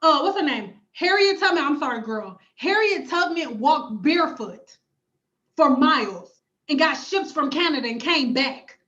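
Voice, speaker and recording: A woman's voice: high voice, lively intonation, a little slow, a bit bright, lo-fi sound. A woman, a hair care vlogger, speaking bluntly and emphatically to her livestream viewers, with profanity and repeated phrases. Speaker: hair care YouTuber and cosmetologist.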